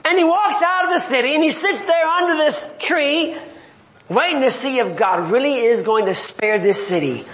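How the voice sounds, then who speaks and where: A man's voice: extremely high pitch, animated, normal speed, fairly bright tone, reverberant. A man preaching a sermon, reading scripture and then retelling it with humor and acted-out voices. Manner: reads scripture then paraphrases in everyday talk.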